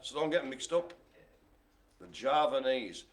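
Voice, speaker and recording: Calling items in a live-streamed bingo game, the host plays the jokey showman throughout. His voice sits at a medium pitch, and he sounds animated at a moderate pace.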